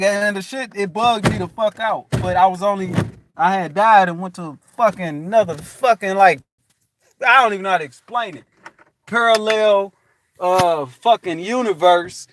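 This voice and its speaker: A man's voice: high voice, moderate pace. A man speaking casually to viewers in a rambling, profane monologue, full of restarts. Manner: rambling, profane, animated storytelling with frequent restarts. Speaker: spiritual vlogger.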